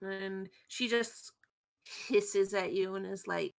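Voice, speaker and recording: A woman running a tabletop game as game master, narrating in a relaxed, descriptive way. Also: medium pitch, takes it slowly, gravelly.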